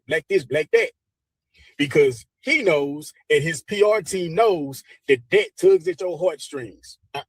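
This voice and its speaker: A man with a fairly high, husky voice talks straight at his listeners in an opinionated commentary. He is pleading and preachy in tone. The recording is dry. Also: no room sound. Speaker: co-host.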